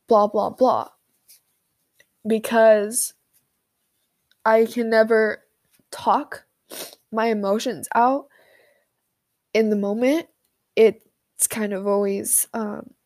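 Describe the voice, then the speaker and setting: A young woman venting in an unscripted monologue, halting with frequent fillers and pauses, recorded on a phone voice memo. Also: fairly high pitch, a little mellow. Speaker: vlogger.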